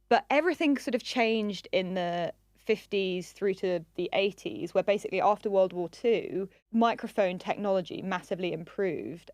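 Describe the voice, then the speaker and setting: Brisk woman reporter, dry studio sound. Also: medium pitch, darkish tone, no echo. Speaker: science reporter. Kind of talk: explanatory chat.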